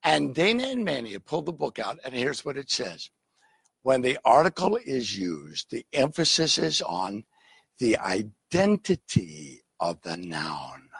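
A man preaching a teaching sermon as a pastor, animated and often checking that his listeners follow along. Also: mid-range voice, normal speed, gravelly, husky, dry recording.

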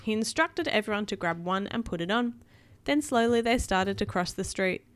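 A woman reads a storybook aloud to a child at home, gentle and patient in her pacing. Her voice sits mid-range and the room is dry and close. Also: mid-range voice, animated, moderate pace, no room sound. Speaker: parent reading to a child.

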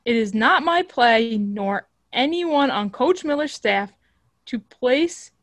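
A woman reading the part of a male team executive in a casual script read, measured and formal. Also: fairly high pitch, lively intonation, dry recording, clean studio sound. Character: male team executive defending his player.

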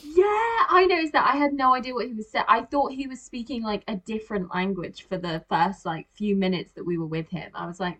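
A woman talks through a movie with a friend in a loose, chatty way. She slips into little acted-out quotes of her own reactions, her voice sitting at an ordinary middle pitch. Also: fairly quick, hardly any pauses. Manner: animated, acts out reactions in quoted asides. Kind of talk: casual movie discussion.

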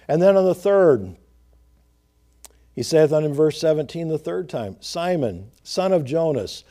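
Prédicateur passionné, voix douce et sombre. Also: male voice, a little high, animated, unhurried. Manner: swings from loud emphatic preaching to hushed intimate asides; reads scripture in old-fashioned wording, acts out the speakers. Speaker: preacher. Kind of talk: sermon.

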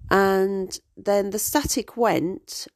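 A woman's voice: medium pitch, fairly even intonation, drawn-out words, dry recording, studio quality. A woman in her forties, a podcast host telling stories in a chatty, digressive way with many ums. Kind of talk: casual storytelling.

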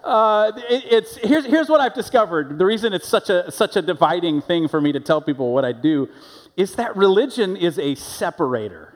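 Preaching at a moderate pace, a man with a high-pitched voice tells stories in a conversational way during his sermon as a pastor. He brings the people in them to life with animated voices, and the church sanctuary adds a long reverb tail.

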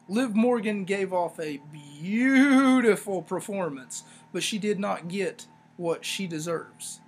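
A man with a high, light voice runs through his review in loose, rambling chatter and doubles back on his own points with sarcastic asides. A faint hiss sits under the recording. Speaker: wrestling review podcast host. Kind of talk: casual solo review talk.

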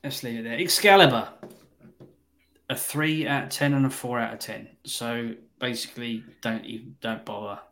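A man chats through a film review in a blunt, wry way. He swears freely and sounds unimpressed. His voice sits at an ordinary pitch. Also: steady tone, normal speed, a bit bright. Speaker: podcast host. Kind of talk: casual film review chat.

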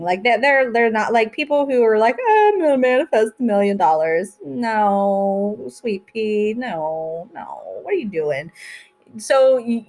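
A woman hosting her own podcast, talking in a chatty, rambling way and poking fun at herself as she goes. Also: fairly high pitch. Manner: chatty, rambling, self-mocking. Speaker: podcast host. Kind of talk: casual solo podcast chat.

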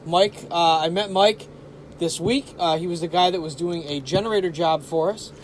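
A high-voiced man chatting on a podcast in a rambling way. He swears a lot and fills his talk with ums and uhs. Faint noise sits in the room. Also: moderate pace. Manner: rambling, swearing, many fillers. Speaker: podcast co-host. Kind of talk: casual chat.

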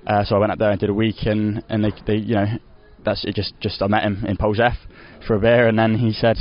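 Young football lad, quick, flat tone, kinda rambly, muffled recording. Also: male voice, fairly low pitch. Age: young adult. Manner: rambling, full of "you know" and restarts. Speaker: footballer being interviewed. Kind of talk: casual post-match interview.

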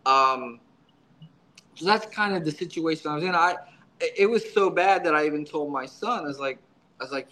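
A man's voice: on the high side, moderate pace, pushed and bright, poor audio. A man guest in an interview, a subdeacon telling his story in a casual, earnest way, often repeating words as he restarts his sentences.

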